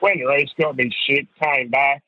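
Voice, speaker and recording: A man's voice: medium pitch, fairly even intonation, normal speed, no room sound. An Australian man leaving a sweary, aggrieved whinge as a caller. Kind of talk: ranting phone voicemail. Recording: tinny phone line.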